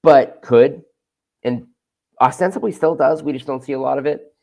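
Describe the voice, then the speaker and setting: A man's voice: medium pitch, normal speed, gravelly, dark tone. Guy chatting, medium voice, kinda rambles and hunts for words. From Boston area. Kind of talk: casual chat.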